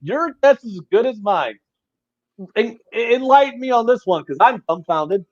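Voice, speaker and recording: A man co-hosting a casual podcast, ranting with heated profanity and shouting. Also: very high voice, animated, normal speed. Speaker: podcast co-host. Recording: muffled lo-fi audio.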